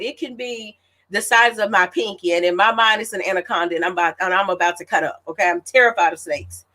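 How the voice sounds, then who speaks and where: A woman's voice: mid-range voice, a little fast. A woman in her late thirties, an author, telling a story casually and animatedly to her audience. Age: late 30s. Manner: animated, chatty, addresses listeners as y'all. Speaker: author hosting her own celebration.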